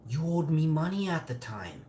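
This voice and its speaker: A man's voice: fairly high pitch, very animated, moderate pace, mellow, slight background noise. A man in his forties ranting angrily on a live stream, cursing and bitter. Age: 40s. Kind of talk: angry live-stream rant. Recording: echoey room, faint ambience.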